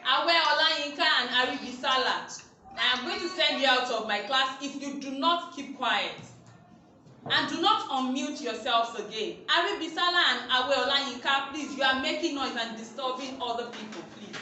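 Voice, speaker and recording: A woman teacher, giving an online safety lesson to young children, slow and emphatic, repeating her points. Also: high-pitched, bright, forceful tone, faint music behind. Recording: very echoey room, faint noise.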